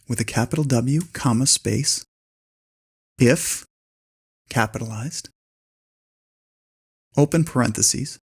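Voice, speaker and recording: A man hosting a spreadsheet tutorial, calmly dictating a long formula step by step. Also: medium pitch. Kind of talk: screen-recorded software tutorial.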